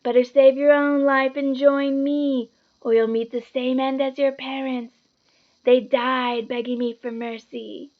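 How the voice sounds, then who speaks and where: A woman voicing a cruel evil male dark wizard who snarls, hisses and screeches his commands in a storybook reading. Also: high-pitched, little pitch movement, measured pace, narrow, tinny audio. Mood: menacing.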